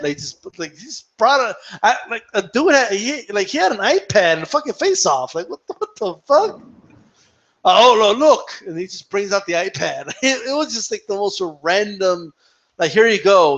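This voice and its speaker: A man's voice: high-pitched, fairly bright tone. A young man chatting casually on a live boxing stream, laughing a lot, swearing freely, and slipping into Spanish when he quotes fighters. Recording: dull lo-fi stream audio.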